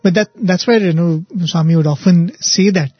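Thoughtful husky man. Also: high voice, no echo, highs cut off. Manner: thoughtful, halting, self-correcting. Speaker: co-host of a spiritual talk show. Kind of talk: conversational discussion.

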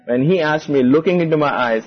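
A man recounting a personal memory in a reflective, halting way, often acting out the words of others. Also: fairly high pitch, husky, long reverb tail, muffled recording. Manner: reflective, halting, re-enacts quoted speech. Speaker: guest. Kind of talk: personal recollection.

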